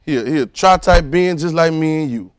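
A man preaching a sermon, moving from low musing to loud fervent preaching and calling out to the congregation. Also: fairly quick, clean tone, no echo, studio quality. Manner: calls out to the congregation.

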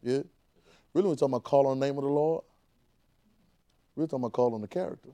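A man's voice: medium pitch, quick pace, mellow, dry recording. A man preaching a sermon in a conversational, vernacular way, with frequent restarts and call-and-response with the congregation.

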